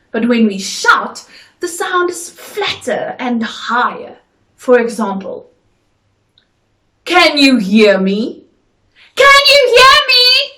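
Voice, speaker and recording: Slow, clearly articulating woman drama teacher. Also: fairly high pitch. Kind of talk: instructional video lesson. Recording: echoey room.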